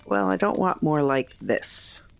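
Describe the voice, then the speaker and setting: A woman's voice: low voice, big pitch swings, unhurried, gravelly. A woman playing a tabletop role-playing game, speaking earnestly as her character. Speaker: player.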